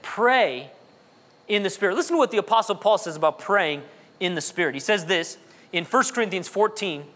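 A man preaching a sermon as pastor, his voice swinging between loud high peaks and low quiet asides. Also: lively intonation, normal speed. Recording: long reverb of a large hall.

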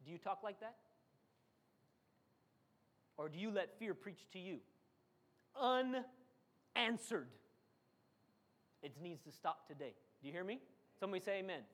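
A man with a very high voice preaches a sermon with fervor. He acts out the figures he quotes and calls on the congregation to answer back with amens. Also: expressive, measured pace, long pauses, fairly bright tone. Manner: preaching with dramatic acted quotes and call-and-response. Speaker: pastor.

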